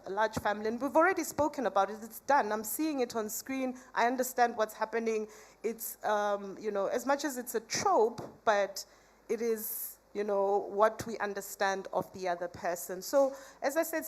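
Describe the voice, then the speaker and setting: A woman from Africa, giving a chatty conference talk full of "you know" asides and banter with the audience. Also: a little high. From South Africa. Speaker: conference speaker.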